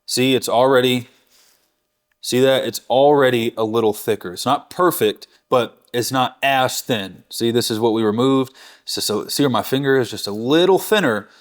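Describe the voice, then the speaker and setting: A man's voice: mid-range voice, moderate pace. A man in his thirties hosting a barbecue channel, talking through a hands-on cooking demonstration in an enthusiastic, chatty way and correcting himself as he goes.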